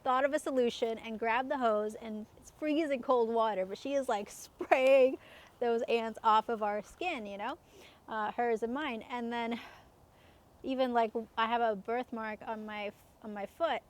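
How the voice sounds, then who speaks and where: A woman's voice: fairly high pitch, a little slow. A woman in her thirties telling personal stories in a casual, chatty way, laughing often and using many fillers. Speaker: self-help coach.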